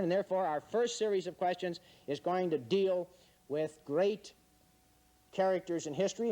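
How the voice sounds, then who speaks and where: A man's voice: fairly high pitch, a little mellow. Wry, teasing male quiz-show host. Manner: wry, teasing, mock-serious. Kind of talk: joking quiz-show hosting. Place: in front of a studio audience.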